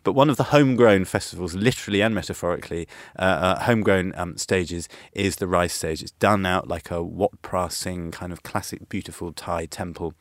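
British man, very low voice, rambling enthusiasm, restarts, dry close sound. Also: brisk, few pauses, dry recording. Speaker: travel journalist guest. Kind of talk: radio interview.

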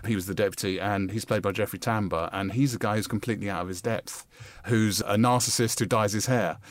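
A man's voice: fairly low pitch, brisk, dry recording. Chatty male screenwriter guest, dry sound. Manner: animated, chatty explaining. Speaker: co-writer guest. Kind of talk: film interview.

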